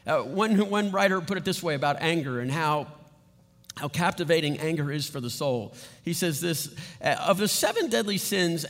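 Man, pastor, conversational sermon, raised pitch, reverberant sanctuary. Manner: conversational, asks "right?" often. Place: church sanctuary. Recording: long hall reverb.

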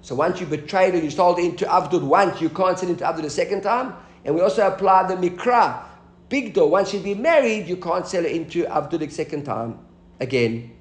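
High-voiced man teaching Talmud. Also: animated, a little fast, echoey room. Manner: explanatory, asks the class questions. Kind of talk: daily Talmud class.

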